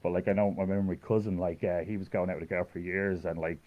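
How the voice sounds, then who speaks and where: An Irish man telling stories in a relaxed podcast chat, rambling with lots of "like". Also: deep voice, fast talker. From Ireland. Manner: rambling, heavy use of "like". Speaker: podcast guest. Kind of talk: casual storytelling chat. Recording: dull lo-fi podcast audio.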